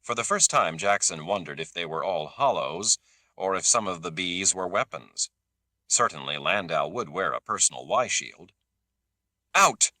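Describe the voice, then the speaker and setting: A man narrating a novel in a measured, expressive reading style. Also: sits low, no room sound, clean studio sound. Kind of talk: audiobook narration.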